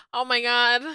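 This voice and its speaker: A young woman on a live stream talks casually and excitably, laughing often and trailing through fillers. Her voice sits a little high, with a bright, smooth, crisp tone, and the sound is dry and close. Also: no echo. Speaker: streamer rigging an animated model.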